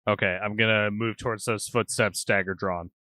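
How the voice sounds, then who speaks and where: A man playing a tabletop game, describing his character's actions in halting, restarting sentences. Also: fairly low pitch, steady tone, pushed and bright, dry recording. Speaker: player.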